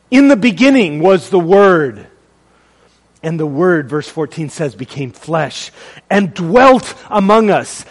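A male preacher with a notably high voice delivers a sermon. He swings from loud proclaiming to hushed, near-whispered lines and calls out to the congregation for a response. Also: lively intonation, measured pace, big-room sound.

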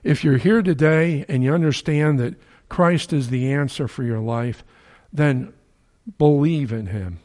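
A man's voice: mid-range voice, measured pace, darkish tone. An older man from New Jersey preaching a sermon in a conversational way, chuckling now and then and rising to emphatic peaks.

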